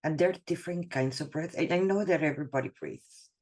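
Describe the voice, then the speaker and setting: A woman hosting a podcast who asks questions in a halting way, pausing on fillers, then rushes ahead. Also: low-pitched, a little mellow. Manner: questioning, halting, with hesitant fillers and quick bursts. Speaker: podcast host. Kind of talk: podcast interview.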